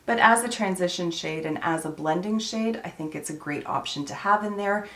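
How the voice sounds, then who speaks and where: A woman beauty vlogger narrating a makeup tutorial in a relaxed, chatty voice-over, explaining each step. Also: lowish voice, normal speed.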